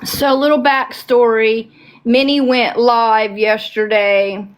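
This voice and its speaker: A woman's voice: fairly high pitch, little pitch movement, slow pace. A woman hosting a livestream, giving heated, profane, emphatic commentary. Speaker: livestream host.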